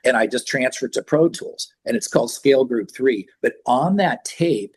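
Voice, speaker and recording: An older man with a husky voice, chatting casually as an interview guest, rambling through stories and acting out sounds and quotes. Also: medium pitch, animated, normal speed. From San Francisco Bay Area. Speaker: rock singer, interview guest.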